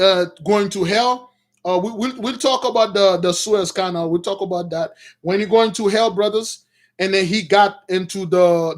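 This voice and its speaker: A man with a high voice preaches informally to a gathering he calls brothers. He retells stories loosely, with plenty of fillers and restarts along the way. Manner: addresses listeners as brothers, many fillers and restarts. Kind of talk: informal sermon retelling a story.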